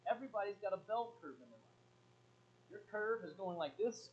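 A middle-aged man preaching a sermon to a congregation, speaking animatedly and moving from emphatic, loud points to quiet, low asides. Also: lively intonation, fairly quick. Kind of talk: sermon with audience interaction. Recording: muffled lo-fi with faint hum.

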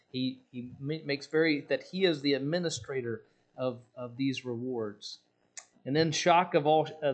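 A man delivering a sermon with a slightly raised pitch. He swings between loud, emphatic declarations and hushed, low lines. He slows right down whenever he quotes scripture. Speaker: preacher.

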